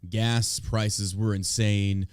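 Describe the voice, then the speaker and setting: A man's voice: on the low side, flat delivery, very slow, a little mellow, clear, resonant tone, no room sound. Blunt, crude male podcast host. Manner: blunt, crude, opinionated banter. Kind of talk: casual podcast chat.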